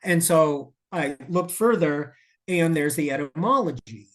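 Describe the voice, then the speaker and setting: A man speaking as a podcast guest, telling a story in a lively, digressive way with asides and self-corrections. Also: on the high side, unhurried. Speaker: podcast guest, safety expert. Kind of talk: conversational storytelling.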